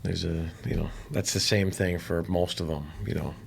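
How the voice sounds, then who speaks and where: A man's voice: deep voice, steady tone, normal speed, creaky, a little hiss or hum. A man hosting a podcast, asking loose follow-up questions and adding his own view in a casual way. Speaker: podcast host. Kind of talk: casual interview.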